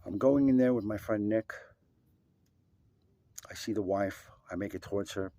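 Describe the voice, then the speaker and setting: A man telling a personal story in an emphatic, profane way, swinging between loud and hushed. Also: on the low side, normal speed, no echo.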